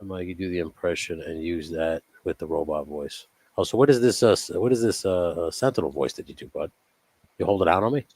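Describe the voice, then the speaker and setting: A man's voice: sits low, brisk, darkish tone, husky, no echo. A man co-hosting a live stream, reading chat questions aloud in loose, joking banter and swearing freely.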